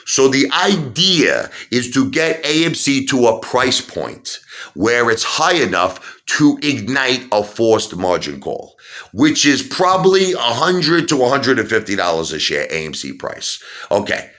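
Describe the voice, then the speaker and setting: Heated middle-aged man, animated vlog rant, bright sharp tone, swinging pitch. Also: unhurried. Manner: animated, repetitive, rising to shouts. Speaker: stock market video host.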